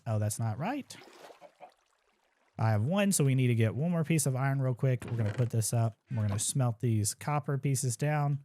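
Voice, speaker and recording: A man's voice: medium pitch, darkish tone. Casual man narrating his gameplay. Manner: casual, thinks aloud while playing, self-deprecating asides. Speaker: speedrunner. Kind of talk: live gameplay commentary.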